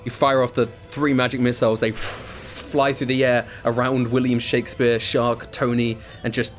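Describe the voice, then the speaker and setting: A man's voice: medium pitch, little pitch movement, normal speed, music in the background. A man narrating a tabletop game as game master, laughing often.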